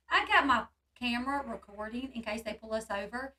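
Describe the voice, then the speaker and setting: A woman with a high, bright voice tells a story in a casual hangout chat. She gets animated and acts out the quoted voices. She sounds a little distant from the mic. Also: fairly quick. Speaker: channel host.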